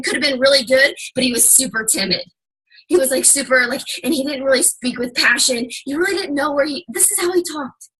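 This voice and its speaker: High bright fired-up woman. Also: low-quality recording. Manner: fired-up, emphatic, swears casually. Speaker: team leader. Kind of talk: motivational talk.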